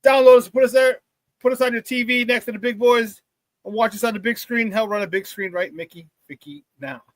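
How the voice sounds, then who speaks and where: A man hosting a morning sports talk show, chatting casually with hype-man energy, greeting viewers and shouting out the chat. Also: very high-pitched, steady tone, a little fast, dry recording.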